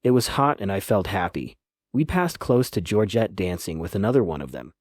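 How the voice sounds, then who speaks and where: A man narrating a novel as an audiobook, in measured, dry first-person storytelling. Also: on the low side, lively intonation, darkish tone, no echo. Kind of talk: scripted literary narration.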